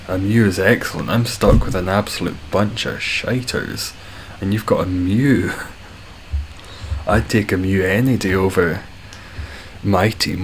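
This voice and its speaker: A deep, low-pitched Scottish man talking easily on a live stream, answering his chat in a laid-back way and swearing now and then. A faint hum of ambient noise sits behind him. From Scotland. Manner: laid-back, swears casually, reads chat aloud and chuckles.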